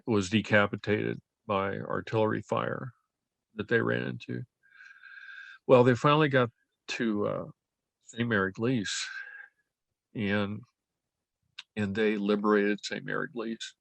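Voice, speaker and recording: An older man recounting family history in an oral history interview, speaking haltingly with frequent fillers and restarts. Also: on the low side, flat delivery, creaky, a bit bright, dry recording.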